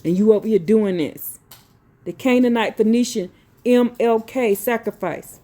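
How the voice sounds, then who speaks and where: A woman with a somewhat high voice reads religious notes in a slow, deliberate way. She breaks off often to scold her listeners in blunt, salty, everyday speech. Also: dark tone. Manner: slow deliberate reading broken by scolding rants; blunt, profane, colloquial. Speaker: religious teacher. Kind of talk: reading notes with heated asides.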